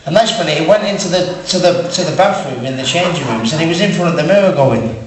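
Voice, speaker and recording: A man's voice: a little high, expressive, fast talker. A man on stage telling sweary comic stories, acting out what people said. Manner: sweary, comic, acts out quotes. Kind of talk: stage storytelling. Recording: distant echoey hall with loud crowd.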